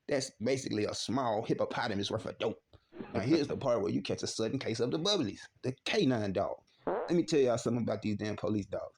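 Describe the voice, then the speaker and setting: A man with a Texan accent hosting a comedic news show, loud and slangy as he jokes through the story. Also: mid-range voice, expressive, quick pace, creaky, slight background noise. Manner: loud joking slangy delivery. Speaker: news commentary host.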